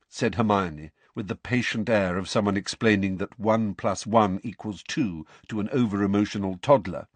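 Husky man narrating an audiobook. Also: on the low side, normal speed, hardly any pauses, dry recording. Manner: expressive storytelling.

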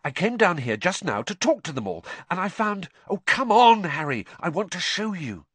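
A man's voice: high voice, big pitch swings, normal speed, fairly bright tone, breathy edge, no room sound, pitched above the performer's own voice, full character voice. A man voicing an eager, bossy schoolgirl, urgent and insistent, in a raised voice. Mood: impatient.

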